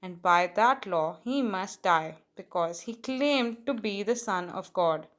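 A woman's voice: mid-range voice, lively intonation, slow pace, a bit bright. A woman reading the part of an angry crowd of priests, raised and insistent. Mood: demanding.

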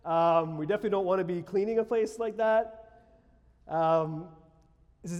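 A man preaching a sermon as pastor, conversational and exclamatory with sudden shouts. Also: high-pitched, moderate pace, long pauses. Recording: long reverb of a large hall.

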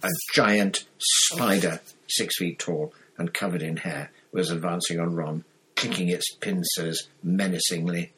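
A man reading a story aloud as narrator, in a measured, deliberate way. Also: sits low, steady tone, sharp tone, husky, low-quality recording. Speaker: audiobook narrator.

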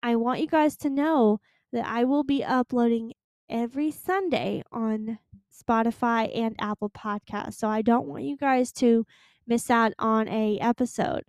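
A woman's voice: fairly high pitch, measured pace, a little mellow, no echo. A teenage girl hosting her own podcast, chatting casually and pleading earnestly with her listeners. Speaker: podcast host. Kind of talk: casual solo podcast chat.

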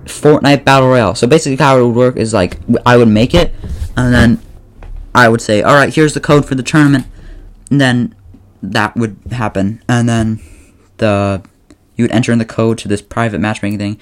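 A man's voice: mid-range voice, steady tone, normal speed. Rambling, self-correcting male podcast host. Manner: rambling, often correcting himself mid-sentence; playful, pleading directly with listeners. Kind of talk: casual solo podcast chat.

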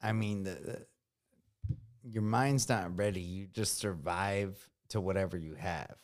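A man's voice: low voice, unhurried. A man telling his story candidly in casual conversation, with a profane, slangy and emphatic way of talking. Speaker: combat veteran guest.

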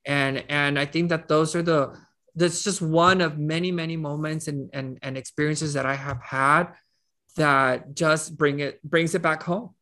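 Man, nonprofit CEO, interview guest, earnest storytelling, fairly high voice. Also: steady tone, a little slow, sharp tone. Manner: earnest, with many restarts and fillers. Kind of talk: conversational storytelling.

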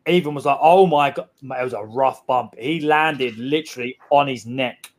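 A young man, co-hosting a casual podcast chat, excitable and sweary, rambling with lots of fillers. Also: mid-range voice, normal speed. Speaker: podcast co-host.

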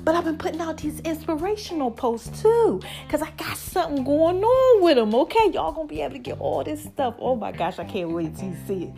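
A middle-aged woman hosting her podcast, talking in an animated, preachy way and a little out of breath. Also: high-pitched, a little fast, vocal fry, few pauses, soft background music. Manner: animated, preachy, hypes her shows, calls listeners y'all and baby. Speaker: podcast host. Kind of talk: casual monologue to listeners.

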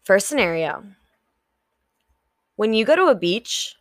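Young woman, podcast host, unhurried and blunt, casual swearing, acts out her own thoughts, dry close mic. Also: medium pitch, sing-song, no echo. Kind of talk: casual solo podcast talk.

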